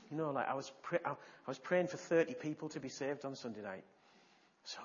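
A preacher delivering an animated sermon, retelling stories with gasps and shifts in loudness. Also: male voice, mid-range voice, brisk, highs cut off.

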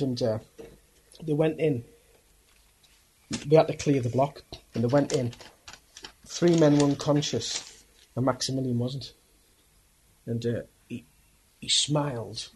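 Husky preacher telling a story. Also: male voice, mid-range voice, darkish tone, poor audio. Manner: earnest, emphatic, halting. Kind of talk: dramatic storytelling sermon.

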